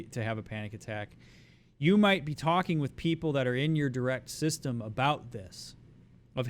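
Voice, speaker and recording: A man speaking as a therapist, giving a calm, explanatory lecture on a livestream. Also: medium pitch. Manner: calm, explanatory, acts out soothing reassurance.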